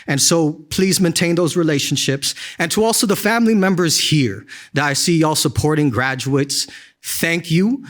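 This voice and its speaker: A man's voice: a little high, moderate pace, a bit bright. A young man giving an earnest, emotional graduation speech as an alumni speaker, often tagging lines with "right?".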